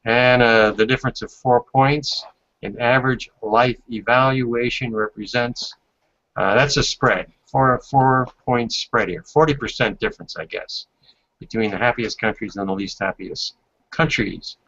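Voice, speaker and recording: A man's voice: mid-range voice, measured pace, a bit bright. Man reading a report on a call. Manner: reads aloud from a report with asides. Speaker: host. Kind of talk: casual video call chat. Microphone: video call. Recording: dull lo-fi video call audio.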